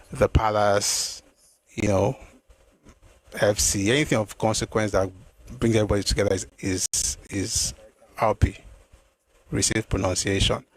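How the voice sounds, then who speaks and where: A man hosting a live stream, answering viewer comments in an animated, exclamatory way, often repeating himself. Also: on the low side. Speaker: host.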